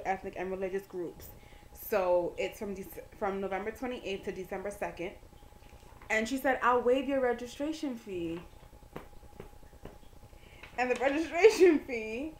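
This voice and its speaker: A young woman vlogger telling a story in a casual, animated way, laughing and acting out other people. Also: slight background noise, low-quality recording. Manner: animated, breaks into laughter, acts out others in a high voice. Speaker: vlogger and graduate student.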